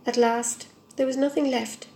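A woman reading a fairy tale aloud in a gentle, measured storybook manner. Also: high-pitched, fairly even intonation, creaky, roomy sound, a little hiss or hum.

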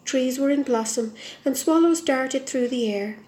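Woman gently reading a storybook. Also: high-pitched, unhurried, roomy sound.

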